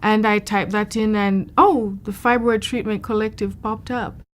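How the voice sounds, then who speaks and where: A woman's voice: medium pitch, fairly even intonation, a little slow. A woman patient speaking frankly and reflectively about her experience. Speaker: patient giving a testimonial. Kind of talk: candid testimonial interview.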